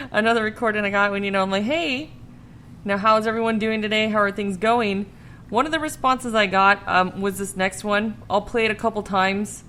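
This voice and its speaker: A woman's voice: medium pitch, moderate pace, a bit bright, a little hiss or hum. Chatty woman hosting a ghost podcast. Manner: chatty, laughing, swears freely. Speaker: podcast host. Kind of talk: casual podcast talk.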